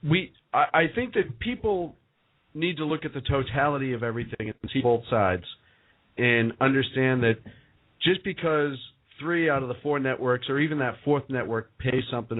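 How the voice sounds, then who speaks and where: A man hosting a talk radio show, earnestly steering the talk and wrapping up segments. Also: mid-range voice. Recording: tinny phone-like sound.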